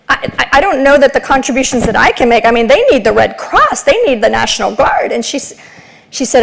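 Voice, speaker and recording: A woman's voice: high voice, sing-song, brisk, vocal fry, a bit bright. A middle-aged woman from Ecuador giving an emphatic motivational keynote, telling stories and driving rhetorical points home. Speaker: keynote speaker. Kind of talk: motivational speech.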